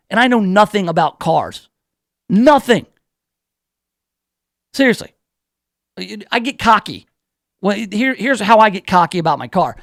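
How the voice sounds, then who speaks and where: A man's voice: sits high, very animated, a little slow, pauses often, a bit bright, no echo, clean studio sound. A man hosting a talk radio show, telling a rambling, self-deprecating story full of restarts. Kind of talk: casual talk radio monologue.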